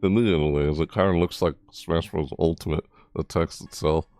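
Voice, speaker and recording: Low-voiced excitable man reacting live. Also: moderate pace, no echo. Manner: excitable, rambling, laughs often. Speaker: reaction streamer.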